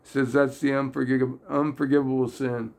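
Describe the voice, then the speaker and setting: A man's voice: mid-range voice, moderate pace. A man hosting a casual faith talk, speaking earnestly and rambling a little as he retells stories. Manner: earnest, rambling, gets loudly excited and emotional. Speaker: religious video host.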